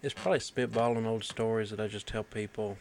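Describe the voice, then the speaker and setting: A man's voice: lowish voice, steady tone, fast, gravelly, slight background noise. A man with a Southern US accent, a guest chatting easily and self-deprecatingly on a podcast. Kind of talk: casual chat.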